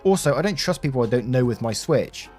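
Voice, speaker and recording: A man's voice: mid-range voice, animated, brisk, darkish tone, faint music behind, natural voice. A man voicing a young woman who refuses firmly and politely. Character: firm, no-nonsense young woman.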